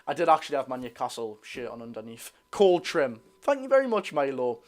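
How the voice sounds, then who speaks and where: A man's voice: mid-range voice, sing-song, brisk. A young man with a Geordie accent hosting a casual live football watch-along, reading out viewer comments and chatting to his audience. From North East England. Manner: chatty, reads viewer comments aloud, calls chat lads and lasses. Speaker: football fan livestream host.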